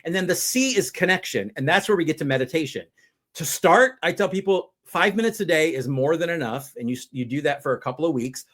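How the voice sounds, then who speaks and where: Lively higher-voiced man teaching. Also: fairly quick. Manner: energetic, explains step by step with examples. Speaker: mind power speaker, guest. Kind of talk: conversational teaching.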